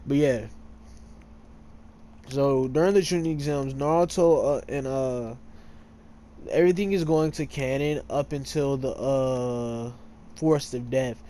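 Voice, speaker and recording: A man's voice: medium pitch, measured pace, long pauses, warm tone, a little hiss or hum. A man casually retelling a story while playing a game, full of fillers, often tripping over names and correcting himself. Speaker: gamer retelling a fan story.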